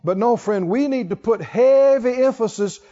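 A man preaching a sermon as pastor, slow and emphatic, leading his congregation in call-and-response. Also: very high-pitched, warm tone, big-room sound, dull audio. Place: church sanctuary.

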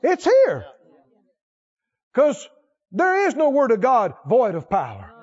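A man preaching a sermon in call-and-response style, repeating lines and swinging from hushed to loud. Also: very high-pitched, huge pitch swings, slow pace, long pauses, husky. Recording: dull lo-fi recording.

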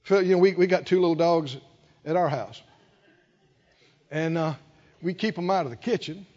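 A pastor preaching a sermon, calling on the congregation to answer and swinging from hushed lows to loud peaks. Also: male voice, moderate pace. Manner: call-and-response preaching, swinging from low hush to loud. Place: church sanctuary. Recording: dull lo-fi sound in a reverberant church.

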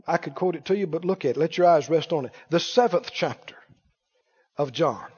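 A man's voice: on the high side, brisk, darkish tone, husky. Guy preaching a sermon, keeps asking the crowd questions, long hall echo, kinda muffled. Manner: emphatic, questions the congregation, quotes scripture.

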